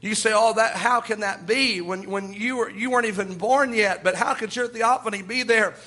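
A man's voice: high-pitched, normal speed, sharp tone. A man preaching a sermon with fervor, quoting scripture and acting out quoted voices.

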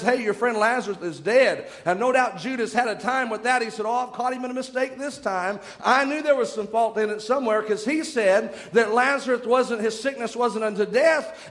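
A man's voice: very high voice, fairly bright tone, long reverb tail. A young man preaching a sermon, retelling scripture stories with dramatic shifts in pace.

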